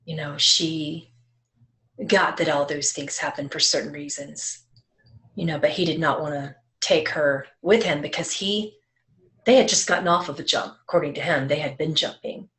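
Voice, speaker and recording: Woman, psychic medium guest, casual chat, animated and laughing, lowish pitch. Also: moderate pace. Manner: animated, laughs often, drops to a hush when quoting.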